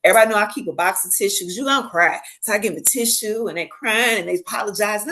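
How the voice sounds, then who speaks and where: A woman's voice: medium pitch, fast talker, few pauses. A woman guest on a podcast, telling stories in casual conversation and acting out the voices of the people in them. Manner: animated, acts out quoted voices; laughs while telling stories.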